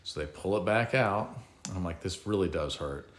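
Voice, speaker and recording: Brief: middle-aged man, very low voice, casual self-deprecating storyteller, echoey room. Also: expressive, moderate pace. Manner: conversational, self-mocking, reflective.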